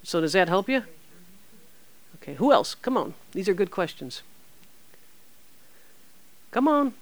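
Woman preacher, chatty and lively, throws in sound effects, dry sound. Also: fairly low pitch, normal speed, no room sound. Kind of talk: informal teaching on prayer.

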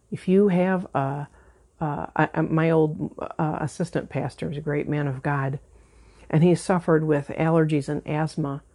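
A woman's voice: sits low, mellow. A woman pastor giving an earnest, conversational sermon, stressing points by repeating words.

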